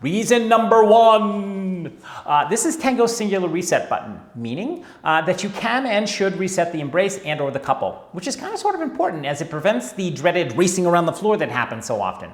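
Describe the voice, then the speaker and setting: A man's voice: high voice, big pitch swings, brisk, hardly any pauses. A man teaching a dance lesson in a chatty, wry way, often checking in with his viewers. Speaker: tango teacher. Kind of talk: instructional video talk. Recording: echoey room.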